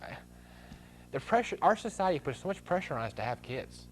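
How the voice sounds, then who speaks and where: A man's voice: a little high, sing-song, fast, slight background noise. A man hosting a talk show, ranting comically and bursting into shrieks and laughter. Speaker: host.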